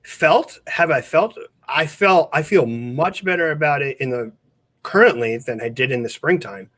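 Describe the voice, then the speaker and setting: A man's voice: on the high side, animated, moderate pace, fairly bright tone. A man, a special education teacher, explaining his online teaching at length in a casual podcast chat over a video call. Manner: earnest, explains at length with restarts.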